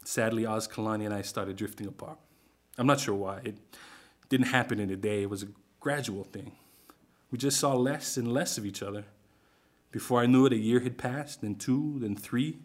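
Man, humorous storyteller, wry, understated, average pitch. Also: normal speed.

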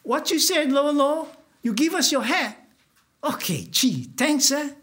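Man putting on rowdy teenage bullies, Hawaiian Pidgin, shrill mocking tone, much higher than his own voice. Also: animated, unhurried, a bit bright, full character voice. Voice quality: high, mocking, jeering voice. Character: rowdy teenage male troublemakers teasing.

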